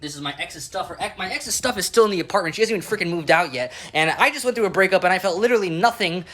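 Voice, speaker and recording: A music reviewer ranting sarcastically through an album review vlog, swearing often and bursting into loud outbursts, recorded in an apartment. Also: mid-range voice, animated, racing. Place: apartment room.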